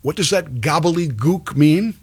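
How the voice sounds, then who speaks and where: A man's voice: a little high, lively intonation, measured pace, a little mellow, slightly rough. A man hosting political commentary, reading an article aloud with sarcastic, scornful asides. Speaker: commentary host.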